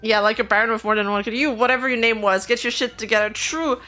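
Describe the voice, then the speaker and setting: A woman's voice: a little high, fairly even intonation, fast, pushed and bright, faint music behind. A young woman streaming live, chatting casually with her viewers in a blunt, teasing way and laughing often. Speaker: streamer reacting to viewer clips.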